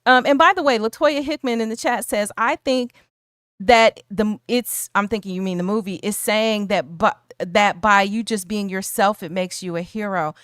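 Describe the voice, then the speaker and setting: A woman's voice: medium pitch, normal speed, a bit bright, no echo, clean studio sound. A woman co-hosting a casual film discussion stream, posing prepared questions to her co-host and the chat with plenty of fillers like "you know.". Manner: chatty, poses prepared questions with many fillers.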